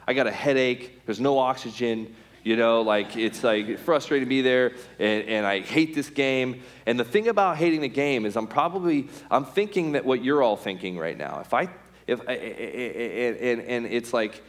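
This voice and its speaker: A middle-aged man, a former pitcher, tells a lively personal testimony, acting out scenes with quoted voices and lots of "like" and "right?". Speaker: former pro baseball pitcher giving a testimony. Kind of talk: storytelling testimony talk.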